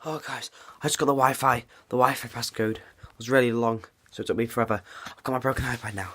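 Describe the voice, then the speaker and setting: Guy hosting a chill vlog, middle pitch, rambly, keeps tripping over names. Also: fairly even intonation, quick pace, sharp tone. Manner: rambling, restarts and apologizes, mock-scared. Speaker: host. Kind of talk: casual vlog commentary and spoof skit.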